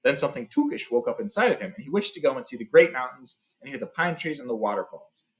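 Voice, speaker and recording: A man's voice: medium pitch, big pitch swings, fast. A man hosting a casual read-along, retelling a story in a chatty way with fillers and self-corrections. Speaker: host reading a book aloud.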